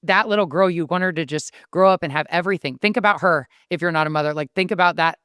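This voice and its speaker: A woman who is an author and podcast guest, telling stories in an animated way and acting out the voices she quotes. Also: on the low side, fast, smooth, dry recording, clean studio sound. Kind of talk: casual podcast conversation.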